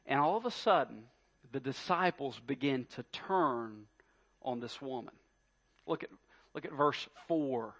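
A man's voice: mid-range voice, lively intonation, measured pace, a bit bright. A man preaching a sermon, emphatic and full of rhetorical questions, often repeating his words. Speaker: pastor.

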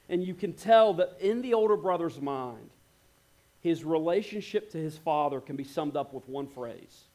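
A male pastor preaching a sermon, reading scripture and acting out the characters' lines with shifting tone. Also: on the high side. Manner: expressive, acts out quoted lines with shifting tone.

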